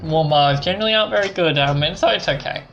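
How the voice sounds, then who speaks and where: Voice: mid-range voice, racing, vocal fry, a bit bright, dull audio, faint music behind. A let's play host casually chatting and joking while playing a game. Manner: chatty, rambling, self-mocking. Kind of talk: casual gameplay commentary.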